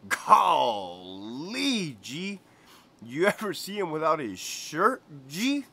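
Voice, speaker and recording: A man's voice: a little high, wildly swooping pitch, vocal fry, pushed and bright, voice pushed up, full character voice. A man voicing his male prison partner as gushing and flirty, drawing out each word. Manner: drawn-out, swooning, lingering on each word.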